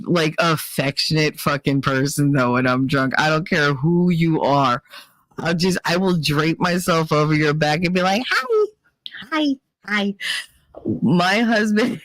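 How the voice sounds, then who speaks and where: A woman's voice: sits low, dry recording. A woman hosting a podcast, telling stories in a chatty, laughing way and swearing freely. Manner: chatty and animated, swearing, laughing, squealing acted-out quotes. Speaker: podcast host. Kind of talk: casual storytelling monologue.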